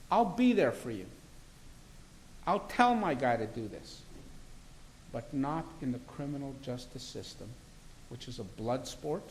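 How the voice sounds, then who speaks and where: A man's voice: medium pitch, a little mellow, slight background noise, low-quality recording. A man, a criminal defence lawyer, talking in an interview in an assertive, argumentative and emphatic way. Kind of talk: interview conversation.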